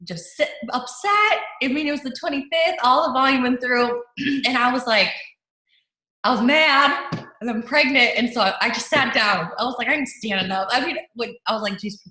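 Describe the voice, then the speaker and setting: A young team leader shares a story during an informal leadership talk on a video call, speaking animatedly with plenty of fillers and restarts. Her voice sits high, her speed is normal, and the room echoes noticeably.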